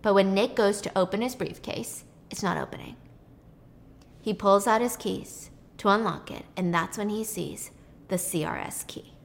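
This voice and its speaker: A woman casually retelling a film plot, chatty and animated, with swearing. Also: mid-range voice, moderate pace, vocal fry.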